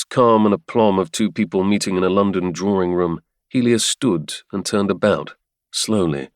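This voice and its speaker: A man narrating a romance audiobook in a measured, dramatic way. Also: lowish voice, no echo, clean studio sound.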